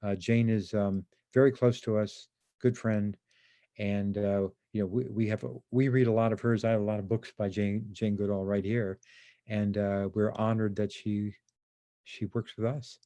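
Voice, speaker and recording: An older man speaking as a guest in a conversation about animal rights over a video call. He talks haltingly and often repeats or restarts his words. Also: lowish voice, level tone, mellow, dry recording. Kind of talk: casual conversation.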